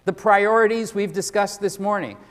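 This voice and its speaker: A man delivers a sermon with an earnest, pressing manner, often stumbling over his openings before pushing on. His voice sits noticeably high for a man. The sound carries a long, lingering reverb of a large church hall. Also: normal speed, a bit bright. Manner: earnest, repeats words when starting sentences. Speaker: pastor.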